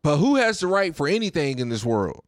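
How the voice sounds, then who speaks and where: A man's voice: on the high side, sing-song, fairly quick, no room sound, clean studio sound. A young man hosting his own podcast, ranting casually and profanely, often repeating himself. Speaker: podcast host. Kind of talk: casual rant.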